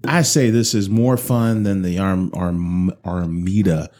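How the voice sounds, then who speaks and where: A man's voice: low-pitched, fairly even intonation, takes it slowly, music in the background. A man co-hosting a podcast, chatting casually and loosely about whiskey, swearing freely and rambling with fillers. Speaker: podcast co-host reviewing whiskey. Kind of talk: casual chat.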